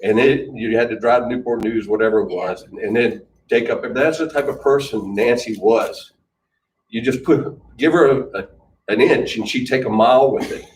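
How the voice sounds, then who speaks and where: A man's voice: medium pitch, normal speed. A middle-aged man telling a rambling, self-correcting story about his aunt at a memorial in a club hall. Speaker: relative giving a memorial tribute. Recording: distant, echoey hall with faint noise.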